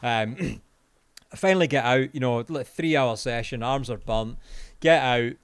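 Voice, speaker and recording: A Scottish man in his forties, co-hosting a podcast, tells a long anecdote in casual chat, animated, sweary and laughing as he goes. His voice is medium-pitched and clean-toned, his pace measured, with no echo.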